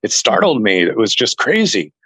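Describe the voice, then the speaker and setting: Earnest man with a low voice. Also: normal speed, husky, dry recording, low-quality recording. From family heritage is Norwegian. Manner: earnest, animated retelling that acts out other people's lines. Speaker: interview guest. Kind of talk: personal storytelling in a casual chat.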